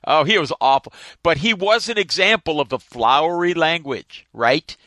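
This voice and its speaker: A man in a casual group discussion about books, giving lively, opinionated asides. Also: a little high, normal speed, dry recording.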